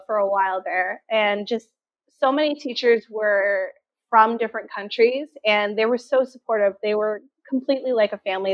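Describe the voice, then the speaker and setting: A woman from Canada telling her teaching story as an interview guest, candid and full of fillers. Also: medium pitch. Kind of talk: casual interview. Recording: dull lo-fi sound.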